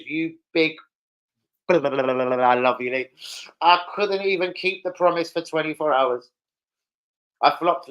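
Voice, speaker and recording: A young man hosting a casual football live stream, excitable, swearing and calling out viewers by name. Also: on the high side. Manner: excitable, swears, calls out chat names.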